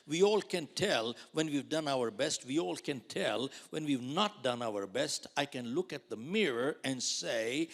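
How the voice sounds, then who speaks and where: Dramatic older man with gravelly voice. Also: mid-range voice, animated, a little slow. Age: 60s. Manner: dramatic, swings from loud outbursts to near whispers. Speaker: motivational speaker. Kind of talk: storytelling keynote speech.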